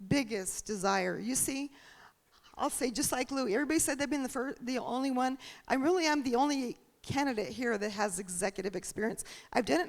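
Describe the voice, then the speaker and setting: A woman's voice: on the high side, creaky. A woman candidate giving an earnest, preaching campaign speech with rhetorical questions. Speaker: political candidate. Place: church hall.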